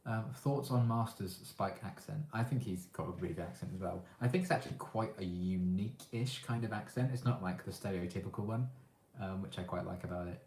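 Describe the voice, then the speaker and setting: A young man with an English accent, casually answering chat questions on his livestream in a relaxed, hesitant way with lots of ums. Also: low voice, fairly quick. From England. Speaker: livestream host. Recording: echoey room.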